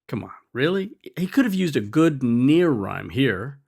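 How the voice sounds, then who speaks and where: A man talking through a scripted lesson with a lively, wry delivery. His pitch moves up and down a lot as he explains, and his tone stays clear and conversational. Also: unhurried. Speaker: teacher.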